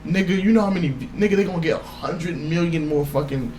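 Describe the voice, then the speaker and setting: A man co-hosting a casual podcast chat, talking in an animated, insistent way and swearing freely. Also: on the high side, brisk, soft background music. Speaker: podcast co-host. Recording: echoey room with faint ambience.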